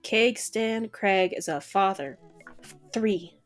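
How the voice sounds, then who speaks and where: A woman's voice: medium pitch, takes it slowly, lightly acted. A woman voicing a laid-back, sporty young father who talks like an easygoing bro. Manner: easygoing surfer-bro drawl.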